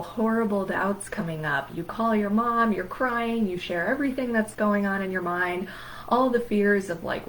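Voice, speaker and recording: A woman's voice: lowish voice, a bit bright, slight background noise, rough recording. A woman therapist giving an educational talk on anxiety, speaking emphatically and listing words in rhythmic runs.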